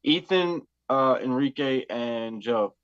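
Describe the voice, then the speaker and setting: A man's voice: mid-range voice, expressive, slow, fairly bright tone, smooth, no room sound, lo-fi sound. A male host in a casual interview, asking probing follow-up questions.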